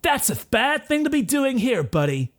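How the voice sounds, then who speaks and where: A man voicing a brash young male monster trainer in a tabletop game, cocky and shouty. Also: very high-pitched, sing-song, moderate pace, voice pushed up, heavily acted.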